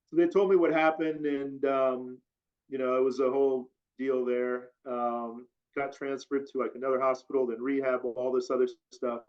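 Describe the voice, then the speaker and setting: An interview guest rambles through a long personal story, packing it with fillers and retelling it animatedly. His voice is medium in pitch and moderate in pace, and the lo-fi recording sounds dull.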